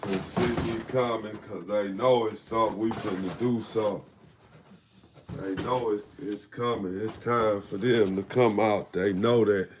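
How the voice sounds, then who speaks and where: Slow, laid-back man, lowish voice. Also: fairly even intonation, noisy background. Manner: laid-back, unhurried street talk. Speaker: dog breeder showing his dogs. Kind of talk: casual livestream chat. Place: outdoors at his dog kennels.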